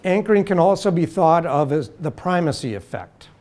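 A man giving a university law lecture in a deliberate, measured way, slowing to stress key terms. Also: fairly high pitch, animated, a little mellow.

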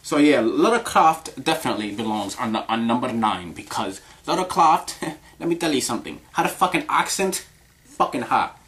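A man's voice: mid-range voice, very animated, moderate pace, a bit bright. Crude, rambling man swearing constantly. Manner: crude, profanity-heavy, rambling with frequent laughs. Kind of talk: casual countdown commentary.

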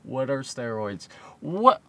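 A man's voice: medium pitch, big pitch swings, takes it slowly, bright, forceful tone. A man in his twenties chatting casually on a live stream, tipsy from shots, rambling and swearing constantly. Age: 20s.

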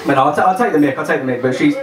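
A man's voice: on the high side, very fast, a crowd in the background. A young man doing open-mic stand-up comedy in a small venue, chatty, dry and self-mocking. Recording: roomy echo, voice from far off.

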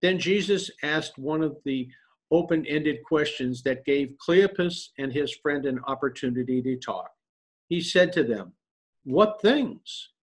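A male pastor giving a sermon in a measured, earnest preaching manner. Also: medium pitch.

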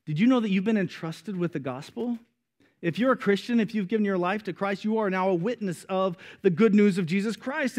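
A young man preaching a sermon with animated delivery, calling for amens and acting out quoted voices. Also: high voice. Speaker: pastor.

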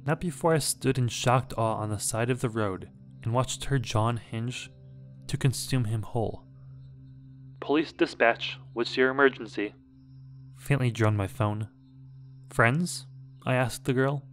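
A man reading a scary story aloud in a measured, dramatic way. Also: mid-range voice, soft background music. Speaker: horror story narrator. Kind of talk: scripted horror story narration.

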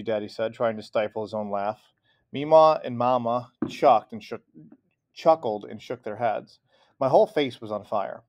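A man narrating a children's chapter book aloud in an expressive read-aloud manner. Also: fairly low pitch, normal speed, no echo. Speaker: audiobook reader. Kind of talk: storybook narration.

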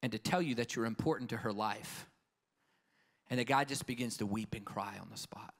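Fairly low in pitch, brisk, and a bit bright, this evangelist's voice carries an emphatic, storytelling sermon at a conference, where he calls out for an amen from the live audience in the hall.

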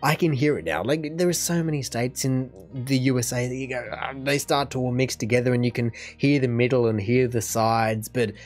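A man's voice: mid-range voice, steady tone, normal speed, hardly any pauses, darkish tone, soft background music. An Australian man hosting a reaction video, chatting casually and thinking aloud while he acts out other people's lines. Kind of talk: casual commentary.

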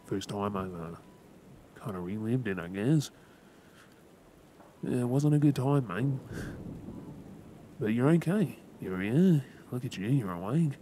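A young Australian man speaks softly in a whispered role-play, calm and comforting with plenty of small pauses and fillers. His voice sits at an ordinary pitch. Steady rain and rolling thunder are plainly audible behind him. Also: a little hiss or hum. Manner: soft, gentle and reassuring, halting with fillers. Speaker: ASMR creator.

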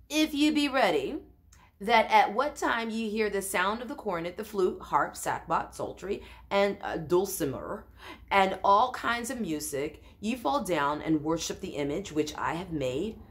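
A woman voicing an angry, domineering ancient king, speaking in a slow, drawn-out, scolding way while dramatizing scripture. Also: deep voice, steady tone, voice pushed down. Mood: demanding.

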